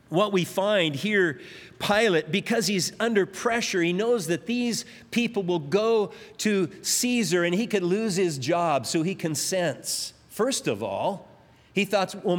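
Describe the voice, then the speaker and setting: Male pastor, slightly high voice, emphatic sermon delivery, reverberant church hall. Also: lively intonation, slow pace. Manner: emphatic preaching with rising, stretched climaxes.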